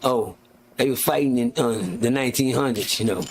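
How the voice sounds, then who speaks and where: A middle-aged man from West Texas, telling stories in an animated way on a livestream and acting out the people he quotes. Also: a little fast. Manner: animated storyteller, acts out quoted people in a loud high voice. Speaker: livestream host. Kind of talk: casual storytelling. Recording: noisy livestream audio.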